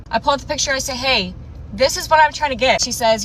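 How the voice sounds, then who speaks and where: A woman's voice: high voice, fast, fairly bright tone, a little hiss or hum, poor audio. A young woman telling a dramatic, sarcastic storytime rant.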